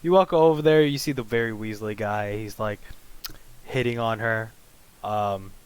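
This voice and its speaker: A man's voice: lowish voice, normal speed, clean tone, poor audio. A man narrating a tabletop role-play as game master, in a casual, rambling way.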